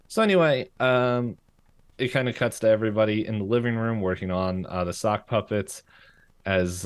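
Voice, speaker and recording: A man with a fairly low voice chats through an episode recap as a podcast co-host. He rambles loosely, stacking fillers and small laughs as he goes. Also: smooth. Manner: rambling, full of fillers and giggles. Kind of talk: casual episode recap chat.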